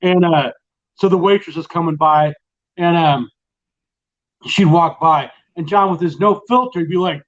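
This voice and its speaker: A man's voice: a little high, moderate pace, long pauses. Casual: middle aged guy hosting a late night chat, rambles through a story, kinda muffled sound. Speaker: host.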